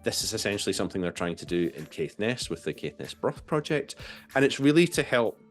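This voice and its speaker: A man's voice: on the low side, sing-song, fairly quick, faint music behind. A man hosting an archaeology podcast in a casual, enthusiastic way, often repeating words as he starts a sentence. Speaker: podcast host.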